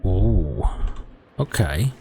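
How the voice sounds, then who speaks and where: A man's voice: sits low, big pitch swings, drawn-out words, vocal fry, warm tone, a little hiss or hum. A man giving casual let's-play commentary, thinking aloud in a chatty way and correcting himself as he goes. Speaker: gaming YouTuber.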